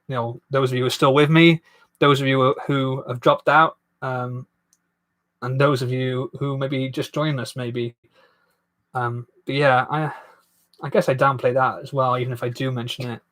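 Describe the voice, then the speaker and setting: A man's voice: mid-range voice, bright, forceful tone. A man hosting a casual live stream while building a toy set, rambling and self-deprecating as he reads viewer comments aloud.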